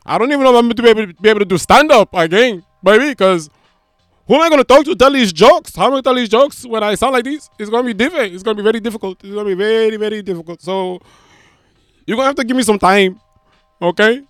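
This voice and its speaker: A man's voice: high voice, quick pace, no echo, clean studio sound, voice pushed up, natural voice. A comedian putting on a boastful man with a put-on Dominican-style accent, calling the listener papi and baby. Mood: worried. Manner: swaggering, rambling, calls listener papi and baby. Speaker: stand-up comedian.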